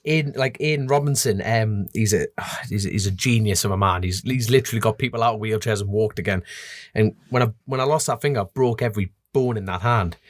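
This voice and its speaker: A man's voice: on the low side, fast talker, no echo, clean studio sound. A man from the North East of England with a North East English accent, a motorbike road racer telling stories in a casual podcast chat and acting out other people's voices as he goes. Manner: lively storyteller who acts out other people's voices.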